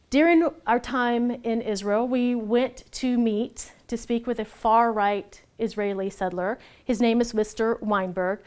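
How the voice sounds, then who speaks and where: A woman giving a personal storytelling talk, animated and laughing easily as she acts out the voices she quotes. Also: a little high. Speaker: speaker at a storytelling event.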